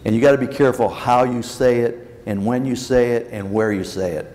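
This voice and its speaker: An older man who used to manage a baseball team tells blunt anecdotes during a luncheon Q&A, acting out the quoted dialogue as he goes. His voice is medium-pitched and darkish, and he talks fairly quickly. The big banquet hall gives a long reverb, with faint room noise underneath.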